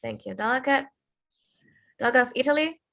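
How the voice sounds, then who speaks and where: A woman's voice: high-pitched, a little fast, gravelly, a bit bright. A woman chairing an online committee, calling the roll over a video call in a hesitant way with many fillers.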